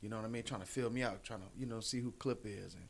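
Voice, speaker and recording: A man's voice: fairly low pitch, fast, vocal fry, slight background noise. A man, a guest comedian, telling stories in casual chat and acting out other people's lines. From Detroit. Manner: animated, acts out quotes in raised voice. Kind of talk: casual storytelling.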